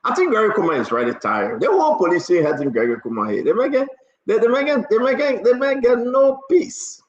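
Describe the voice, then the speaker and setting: A man's voice: high-pitched, very animated, quick pace, highs cut off. A man from Liberia with a Liberian accent, hosting a casual political talk show, teasing and pushing his guest with many restarts.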